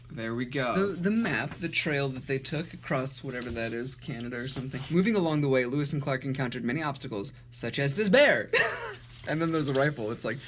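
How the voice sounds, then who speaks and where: A man's voice: mid-range voice, fairly bright tone, slight background noise. A man giving casual, self-mocking commentary as he flips through his childhood drawings, with sarcastic asides and frequent laughs.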